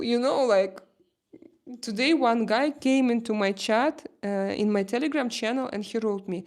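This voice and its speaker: A woman with a Slavic accent hosting a casual livestream chat, answering viewers' comments in halting, animated English full of restarts. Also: medium pitch, vocal fry. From Slavic country. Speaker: livestream host.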